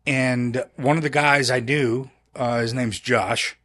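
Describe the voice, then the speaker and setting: Businessman guest, telling stories in a halting, rambling way. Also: medium pitch, steady tone, a bit bright. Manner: rambling, halting, with many restarts and quoted dialogue. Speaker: podcast guest, chemical company founder. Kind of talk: casual storytelling interview.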